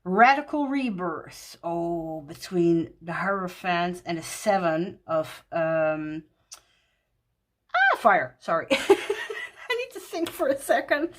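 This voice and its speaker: A woman walking through a tarot deck in casual talk, gushing and excited, laughing often. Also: fairly low pitch, takes it slowly.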